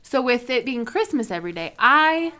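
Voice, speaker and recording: A woman's voice: high voice, sing-song, moderate pace, pushed and bright. A woman co-hosting a podcast in casual chat, telling rambling stories full of fillers. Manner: chatty, rambling storyteller with many fillers. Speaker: podcast co-host.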